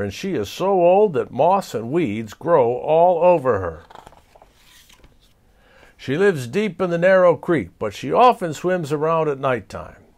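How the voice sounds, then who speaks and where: A man voicing a kindly, helpful male frog in a storybook reading, croaking in a raised voice. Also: mid-range voice.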